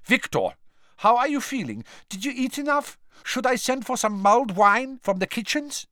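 A man doing Karkaroff, a high, shrill headmaster. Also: sing-song, moderate pace, sharp tone, no room sound, studio quality, full character voice. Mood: fussing. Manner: doting one moment, sneering the next. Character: fussy, snappish middle-aged male headmaster.

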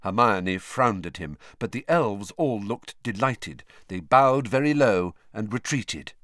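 Man, audiobook narrator, expressive storytelling, lively pitch, dry close recording. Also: a little slow, no room sound. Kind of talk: scripted narration.

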